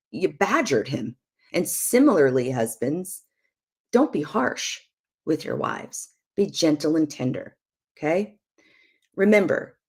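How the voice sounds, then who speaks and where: A middle-aged woman giving emphatic, preachy marriage advice on a live stream, with soft asides now and then. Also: sits low. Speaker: prophetess and show guest.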